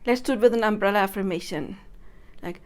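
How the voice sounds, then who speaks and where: A woman's voice: a little high, moderate pace. A young woman coaching viewers on affirmations in a chatty, casual way, laughing often. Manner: chatty, laughs often, demonstrates chants and loud incantations. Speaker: manifestation coach. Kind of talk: casual teaching to camera.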